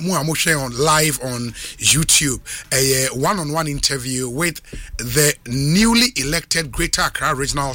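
A man's voice: medium pitch, pushed and bright, no echo. Emphatic Ghanaian radio host man. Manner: emphatic, stretches key phrases slowly. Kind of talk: radio show announcing. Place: radio studio.

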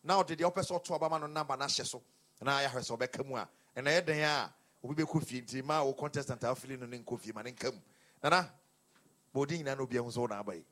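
A man's voice: medium pitch, very fast, a bit bright. A man with a Ghanaian accent hosting a quiz show, mixing English with Twi. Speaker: host.

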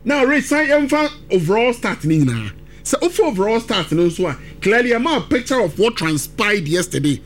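A man's voice: high-pitched, very animated, normal speed. A man giving football analysis on a talk show, emphatic and switching between languages. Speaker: football pundit. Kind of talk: sports analysis on radio talk show, mixing Twi and English.

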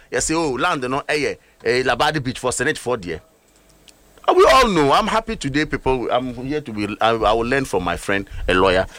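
A man's voice: a little high, fairly bright tone, no echo. A man with a Ghanaian accent, speaking as a political guest on a talk show with emphatic, scornful commentary and rhetorical questions.

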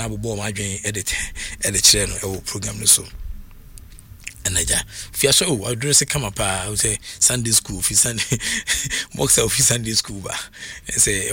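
A man with a Ghanaian accent talks sport in a loose, unscripted way. His voice is bright and forward, with a husky edge. He is animated and switches easily between English and Twi. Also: fairly low pitch. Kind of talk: casual chat.

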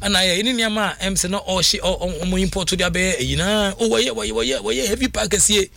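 A man with a Ghanaian accent presenting football talk on radio, animated, switching between languages. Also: high-pitched, brisk, gravelly. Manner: animated, mixing languages, frequent laughs. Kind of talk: radio sports commentary.

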